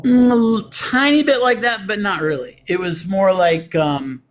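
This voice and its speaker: A man's voice: high-pitched, a little slow, slight background noise. A man defending his Christian faith in a call-in debate, earnest and insistent, often quoting scripture.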